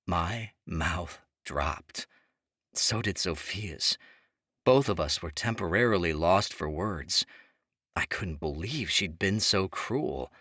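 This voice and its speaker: A man's voice: low voice, takes it slowly, bright, forceful tone, no room sound. Man narrating an audiobook, dry booth sound. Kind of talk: first-person audiobook narration.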